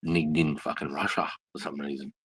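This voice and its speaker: A man's voice: a bass voice, flat delivery, fairly quick, fairly bright tone, breathy edge, dry recording. A man with an Australian accent chatting casually on a live stream, swearing freely and telling stories. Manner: crude, swearing, storytelling.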